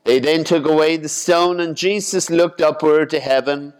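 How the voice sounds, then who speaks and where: Male priest reading scripture and preaching, unhurried and deliberate, smooth resonant tone, echoing church hall. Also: fairly high pitch. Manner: slow, measured, deliberate delivery. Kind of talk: gospel reading and homily. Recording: long church reverb.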